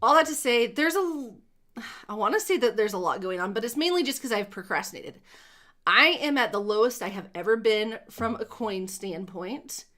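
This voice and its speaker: A woman's voice: fairly high pitch, animated, normal speed, pushed and bright. A woman co-hosting a casual gaming livestream, rambling and joking about herself with frequent giggles. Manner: giggly, rambling, self-deprecating.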